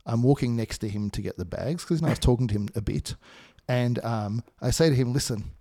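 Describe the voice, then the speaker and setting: A man, co-hosting a podcast and telling animated stories with laughs. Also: fairly quick, gravelly, dry recording, clean studio sound. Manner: animated, laughing storyteller, pitch jumps when excited. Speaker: podcast co-host. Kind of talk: casual chat, anecdote.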